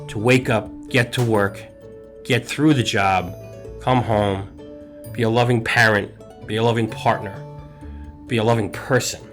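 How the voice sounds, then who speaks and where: Earnest middle-aged man, measured reflective talk. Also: mid-range voice, fairly bright tone. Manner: measured, earnest, speaks in short list-like phrases. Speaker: hospital executive.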